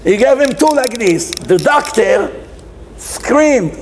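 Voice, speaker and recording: A man's voice: high voice, measured pace, slight background noise. A man, a rabbi, giving a humorous sermon, animatedly acting out the figures. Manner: animated storyteller acting out characters in quotes.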